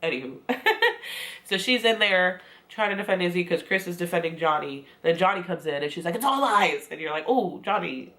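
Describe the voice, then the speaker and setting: A woman's voice: on the low side, brisk, a bit bright. A woman giving a casual, sassy recap of a reality show, chatty and full of quoted asides. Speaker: recap vlogger.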